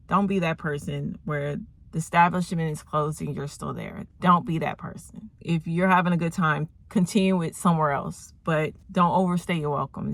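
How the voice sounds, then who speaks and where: A woman's voice: low-pitched, fairly bright tone, no echo. A woman vlogger rambling through a casual movie recap, opinionated and full of fillers.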